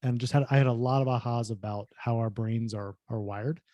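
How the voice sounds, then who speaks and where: A man hosting a casual interview, speaking in a halting way and repeating words as he starts sentences. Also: medium pitch, steady tone, mellow, dry recording, lo-fi sound. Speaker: host.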